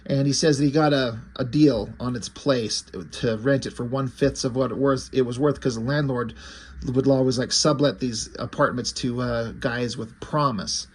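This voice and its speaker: A man's voice: medium pitch, fairly even intonation, normal speed, breathy edge. A man casually retelling a graphic novel's plot in a loose, rambling way. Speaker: book reviewer.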